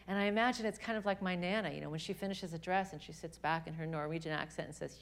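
A young adult woman giving an earnest, animated faith talk to a live audience at a women's gathering, often restarting her sentences. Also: lowish voice, fast, hardly any pauses.

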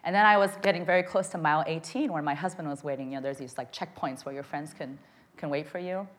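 A woman telling a funny personal story to a live audience, lively and self-mocking, checking in with "okay?" and "right?". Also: low voice, fast talker.

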